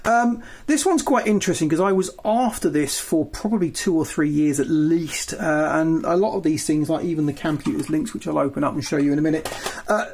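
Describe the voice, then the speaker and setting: A man's voice: fairly high pitch, fairly quick, a little mellow, breathy edge. A man chatting casually as he shows off items from his retro game collection, with lots of ums and asides. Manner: chatty, rambling, filler-heavy. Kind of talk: show-and-tell of collection.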